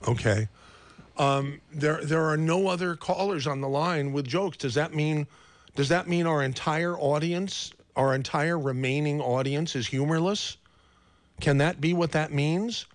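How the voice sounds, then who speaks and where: Male call-in host, slow and stammering, animated pitch, dry close mic. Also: dry recording. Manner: fumbling, stammering, self-mocking. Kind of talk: hosting a live call-in show.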